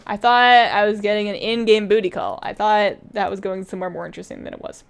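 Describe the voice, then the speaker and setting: A woman's voice: medium pitch, steady tone, fast talker, gravelly, clean tone. A woman game streamer chatting casually during a live stream, reading chat aloud and laughing often.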